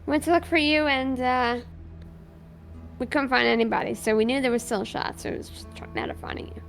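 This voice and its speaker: A woman's voice: a little high, steady tone, fairly quick, gravelly, faint music behind. A woman streamer playing a police officer in a roleplay, animatedly recounting events and acting out both sides of the dialogue. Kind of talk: in-character roleplay storytelling.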